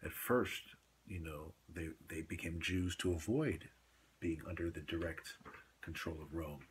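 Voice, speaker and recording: A man's voice: deep voice, a little slow, a little hiss or hum. A man talking straight to camera in a long, rambling monologue, dropping into whispers for asides. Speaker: video blogger.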